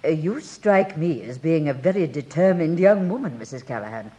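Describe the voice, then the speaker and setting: A genteel, well-off country lady, in a radio play. Her voice sits low but moves expressively. She speaks politely, hedging with small hesitations. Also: expressive, normal speed, mellow, highs cut off. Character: refined well-off Cheshire lady employer. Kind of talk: radio drama acting.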